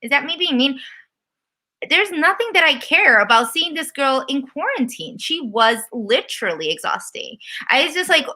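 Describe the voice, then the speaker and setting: A woman with a fairly high, bright voice, co-hosting a casual recap show. She rants in an animated way and slips into mocking impressions. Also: normal speed. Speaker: podcast co-host.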